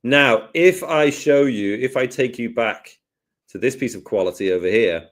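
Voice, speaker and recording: A man hosting a casual live software lesson, jokey and self-deprecating as he talks through each step. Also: medium pitch, normal speed. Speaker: host, design tutor.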